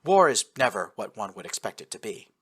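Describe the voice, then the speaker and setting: A man narrating a first-person war story in an expressive, lively manner. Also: lowish voice, brisk, breathy edge. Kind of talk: first-person audiobook narration of fan fiction.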